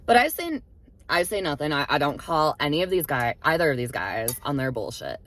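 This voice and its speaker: A young woman with a low voice tells a story to camera, leaning hard on her words and swearing freely. Her pitch swings widely as she retells it. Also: very animated, brisk, a bit bright. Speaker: vlogger. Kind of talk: casual storytime monologue.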